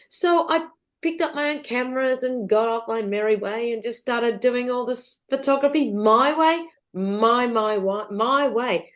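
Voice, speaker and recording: Middle-aged female guest, lively rambling storyteller, slightly high voice, casual swearing. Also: measured pace. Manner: animated, rambling, with frequent restarts and swearing. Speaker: podcast guest. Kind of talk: candid storytelling interview.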